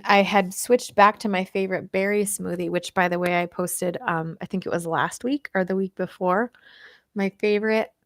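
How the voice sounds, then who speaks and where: A woman's voice: medium pitch, no room sound, clean studio sound. An American woman and diet coach hosting a casual live-stream Q&A, chatting with viewers, reading out their comments and laughing often.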